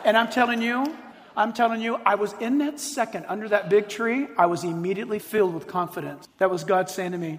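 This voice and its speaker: A middle-aged male pastor with a high voice delivers a sermon in a large hall, and long reverb trails his words. He tells stories with animation and hammers points home by repeating them. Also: a little fast, slight background noise. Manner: animated storytelling, emphatic repetition. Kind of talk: sermon to a live audience.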